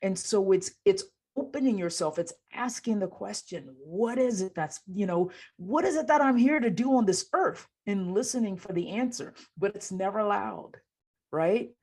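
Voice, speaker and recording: A woman's voice: medium pitch, animated, normal speed, husky. A woman hosting a podcast as a coach, talking casually and affirming her guest often. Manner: warmly affirming, coaching tone, frequent agreement.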